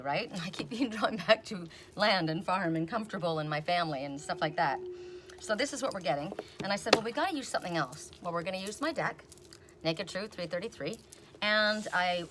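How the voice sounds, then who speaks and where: A middle-aged woman reading oracle cards in a casual, rambling chat, telling stories and quoting people in animated voices. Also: on the low side, slight background noise. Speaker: oracle card reader. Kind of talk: casual chatty video reading.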